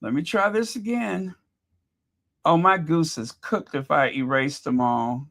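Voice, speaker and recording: A man's voice: a little high, unhurried, gravelly, fairly bright tone. A man hosting a casual live commentary stream, chatty and exasperated, thinking aloud as he talks to his viewers. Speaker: livestream commentary host.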